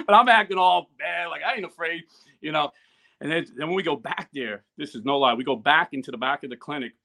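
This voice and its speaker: A YouTuber from New Jersey, appearing as a guest in a casual interview, tells stories and acts out the quoted dialogue. His voice is a little high and sharp in tone, with vocal fry.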